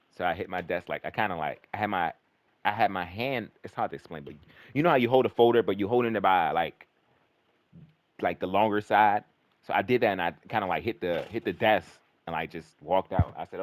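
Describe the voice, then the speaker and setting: A man's voice: fairly low pitch, no echo. A young man telling a long, rambling story in casual chat, swearing freely and filling his speech with "like" and restarts. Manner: animated, profane, rambling with fillers.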